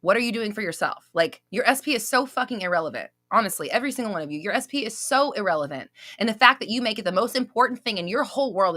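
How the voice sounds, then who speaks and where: Blunt, bright-voiced woman live-streaming. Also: medium pitch, expressive, rapid-fire, hardly any pauses, no echo, studio quality. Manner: blunt, swears freely, laughs often, scolding tone. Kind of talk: casual live-stream chat, reading out viewer comments.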